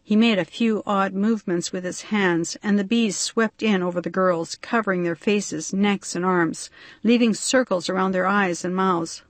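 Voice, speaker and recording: A woman narrating an audiobook in an even, steady storytelling voice. Her pitch sits in the middle range. The recording is close and dry, with no room sound. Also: moderate pace, no room sound. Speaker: audiobook reader. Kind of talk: scripted narration.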